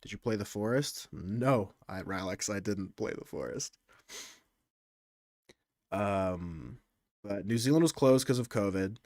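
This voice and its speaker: A man's voice: on the low side, expressive, a little slow, pauses often, darkish tone, no room sound, clean studio sound. A young man casually chatting to his stream audience, rambling and crude, often restarting his sentences. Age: young adult. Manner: rambling, self-interrupting, crude.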